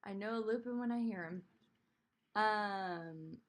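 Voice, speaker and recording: A woman's voice: medium pitch, slow pace. A woman hosting a live stream, chatting casually and rambling as she answers comments from chat. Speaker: streamer host.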